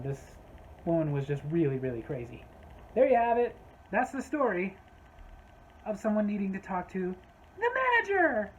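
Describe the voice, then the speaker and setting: A woman's voice: fairly low pitch, warm tone, highs cut off, slight background noise. Woman telling a funny story about a customer at her old job, kinda exasperated, wry. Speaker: storyteller, former gas station clerk. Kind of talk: casual storytelling vlog.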